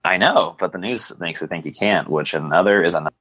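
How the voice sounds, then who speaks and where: A man with a very low voice co-hosts a podcast in a loose, rambling way. His remarks come out wry and dry, and he fills his sentences with hedges and fillers. The sound is close and dry, with no room around it. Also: fast, bright, forceful tone, no echo, poor audio. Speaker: podcast co-host. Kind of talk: casual film-discussion chat.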